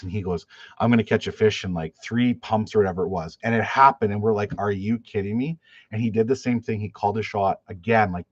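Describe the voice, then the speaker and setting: On a casual live stream, a fishing guide who also runs a YouTube channel reads out viewer questions and tells meandering stories, restarting often and leaning on fillers like "like." His voice sits lowish. The sound is dry, dull and lo-fi.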